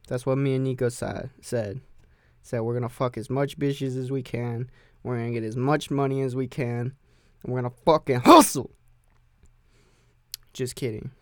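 A man's voice: mid-range voice, darkish tone, no echo, studio quality. A young man hosting a solo podcast from his home music setup, rambling in an offhand, profane way. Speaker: podcast host.

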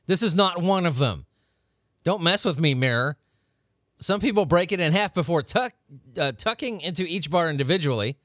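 A man's voice: on the high side, a bit bright, no room sound, clean studio sound. A man hosting a weird-news podcast, ranting casually with lots of profanity and incredulous outbursts. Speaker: podcast host. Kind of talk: casual comedic rant.

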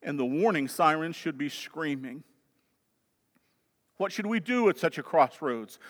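A Southern pastor delivers a sermon in a high, ringing voice that fills a sanctuary with long reverb. He's expressive and unhurried with long pauses, hammering points hard and loud, then dropping low and soft for asides, his delivery emphatic, fervent and pulpit-ready.

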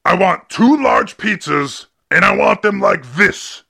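Man doing Big Bad Billy, gravelly rude bully. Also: sits high, animated, a little slow, bright, forceful tone, voice pushed down, exaggerated voice. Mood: pushy. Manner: insulting, taunting, pushy. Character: rude, mean-spirited adult bully guy. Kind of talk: comedy podcast sketch.

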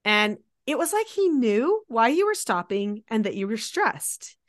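A woman in her forties talks casually as a host and mother. Her voice sits a little high, and she speaks in a chatty, animated way. The recording is close and completely dry, with no room sound. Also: unhurried, dry recording. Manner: chatty, animated, acts out quotes. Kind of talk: casual conversation.

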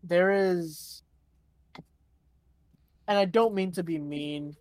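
A woman's voice: on the low side, slow, darkish tone, no room sound. A young woman chatting casually into her own microphone, hesitant and full of filler words. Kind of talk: casual chat.

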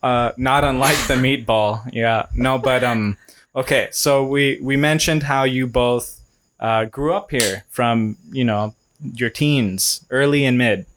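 A man's voice: medium pitch, slow, fairly bright tone, slight background noise. A man hosting a podcast, chatting casually with guests and joking along with lots of fillers. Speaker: podcast host. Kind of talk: casual chat.

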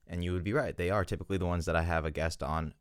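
A man's voice: deep voice, steady tone, very fast, clear, resonant tone, no echo, studio quality. A young man hosting his podcast solo, chatting casually in a rambling, self-correcting way, a bit out of breath. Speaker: podcast host.

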